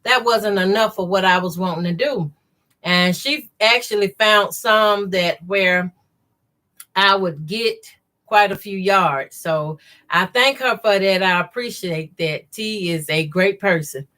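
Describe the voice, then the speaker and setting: A woman with a Southern accent hosts a live quilting stream, greeting each viewer by name and reading their comments aloud. She talks slowly and easily, with a bright, clear tone. She keeps saying y'all. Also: mid-range voice. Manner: says y'all a lot. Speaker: quilting channel host. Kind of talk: live stream chat while sewing.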